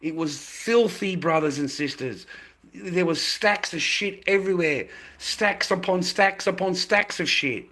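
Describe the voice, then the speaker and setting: A man's voice: high voice, a little slow, sharp tone. A middle-aged man ranting to a live chat, exasperated, swearing and repeating himself. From Australia. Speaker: livestreamer.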